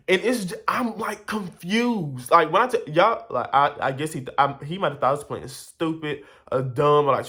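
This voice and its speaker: A man telling a personal story to camera in a casual, rambling way, exasperated and full of asides to his viewers. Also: fairly high pitch. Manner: rambling, animated, exasperated retelling with many asides.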